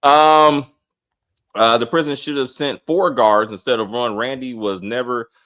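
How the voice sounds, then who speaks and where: A man's voice: mid-range voice, a little slow, a bit bright. A man hosting a casual spoiler review of a TV episode, blunt and profane, often laughing. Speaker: host of a TV episode review channel.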